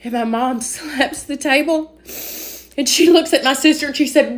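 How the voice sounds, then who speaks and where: Woman with a highish voice telling her faith story, earnest and emotional, lots of likes. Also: normal speed. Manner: earnest and emotional, many "like" fillers. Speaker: speaker giving a faith testimony. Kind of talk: personal testimony storytelling.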